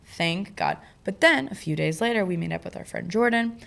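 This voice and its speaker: A young woman co-hosting a casual podcast, recounting a trip with plenty of energy. She slips into quick impressions of the people she met as she tells it. Her voice sits at an ordinary middle pitch. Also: vocal fry. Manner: animated storytelling, acts out quoted people. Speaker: podcast co-host. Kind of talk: casual chat.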